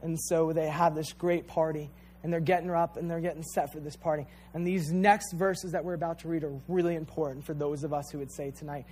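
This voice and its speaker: Man, preacher, sermon, emphatic and repetitive, talks straight to the listeners, slightly high voice. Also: flat delivery, fairly quick, darkish tone, a little hiss or hum. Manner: addresses listeners directly as "you guys".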